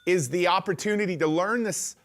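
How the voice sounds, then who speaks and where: A man's voice: sits high, a little fast, fairly bright tone. A man hosting a live event, enthusiastic and encouraging toward his guest. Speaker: host.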